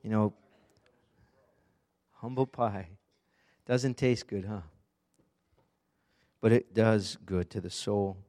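A man's voice: fairly low pitch, takes it slowly, long pauses, dark tone. A man preaching an earnest, conversational sermon, often asking the congregation direct questions. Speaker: pastor.

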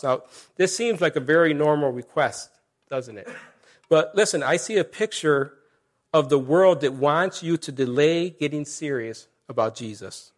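A middle-aged man preaches in a relaxed, talky way, breaking off into asides and reading scripture aloud. His voice sits a little on the high side for a man. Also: a little slow. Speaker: pastor. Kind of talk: sermon.

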